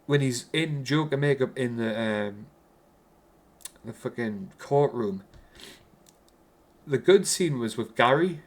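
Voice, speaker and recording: A man's voice: mid-range voice, lively intonation, slow pace, long pauses. Sweary Geordie man rambling. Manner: swears constantly, rambling with restarts. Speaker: film reviewer. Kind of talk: casual rambling film review.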